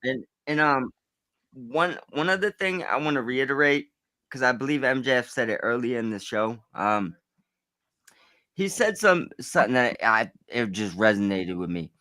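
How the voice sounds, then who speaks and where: A man co-hosting a casual podcast chat, excitable and rambling, often restarting his sentences. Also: mid-range voice, moderate pace, no room sound, studio quality.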